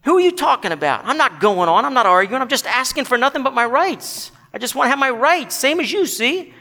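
A man's voice: very high voice, big pitch swings, brisk, bright, forceful tone, pitched above the performer's own voice, exaggerated voice. A man voicing a self-righteous male ghost who grumbles and insists on his rights. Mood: indignant. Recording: long hall reverb.

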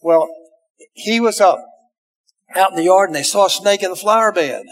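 An older man spins folksy outdoor yarns for a live crowd, drawling and chatty with plenty of "uh"s. His voice sits fairly high for a man and rings out with a long reverb from a big hall. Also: moderate pace. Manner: drawling, chatty, frequent "uh" fillers. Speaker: storyteller. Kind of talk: folksy storytelling to a live audience.

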